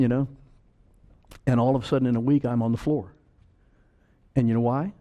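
A man preaching a sermon, earnest and slow on key words, breaking into sudden loud bursts of urgency. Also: medium pitch.

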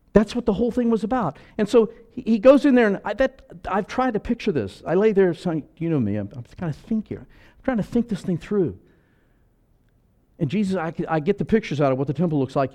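A man preaching a sermon as pastor, animated and acting out voices, moving between loud and soft. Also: fairly high pitch.

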